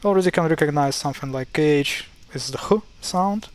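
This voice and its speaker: Man, young adult, casual tutorial, wry, exasperated, halting with fillers, slightly high voice. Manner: wry, mildly exasperated, many fillers and restarts. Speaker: language explainer. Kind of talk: casual screen-share tutorial.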